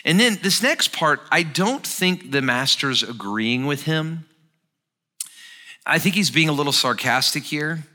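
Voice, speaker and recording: Bright, animated male preacher. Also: fairly high pitch, measured pace. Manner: expressive, dramatizing the text. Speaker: pastor. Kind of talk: sermon.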